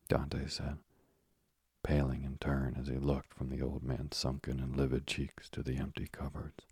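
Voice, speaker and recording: A man reads a classic novel aloud in a very low, gravelly voice with a husky, breathy edge. His delivery stays flat and steady, and the sound is dry and close to the mic. The tone is dark and mellow throughout. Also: unhurried, no echo. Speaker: audiobook narrator. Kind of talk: scripted narration.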